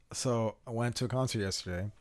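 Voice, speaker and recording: A man's voice: medium pitch, normal speed. A man from California, chatting casually on a podcast and telling laid-back, rambling anecdotes. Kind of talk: casual chat.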